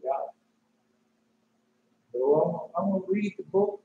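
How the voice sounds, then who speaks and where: A man preaching in a loose, conversational style, with rhetorical questions and repeated lines. His voice sits fairly high and leaps sharply on emphatic words. The room echoes around him over a faint hum. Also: lively intonation, slow pace, narrow, tinny audio. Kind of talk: informal sermon with scripture reading.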